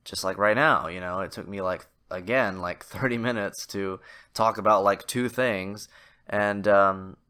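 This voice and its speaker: Low nasal guy rambling on his solo podcast, lots of ums and restarts, kinda hard on himself. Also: fairly even intonation, unhurried, pushed and bright, smooth. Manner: rambling, self-deprecating, many fillers and restarts. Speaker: podcast host. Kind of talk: casual solo podcast monologue.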